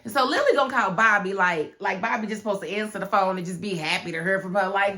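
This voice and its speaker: A woman reviewing a TV drama episode in a casual, animated way, acting out the characters' lines. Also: mid-range voice, normal speed. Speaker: TV show reviewer. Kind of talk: casual recap commentary.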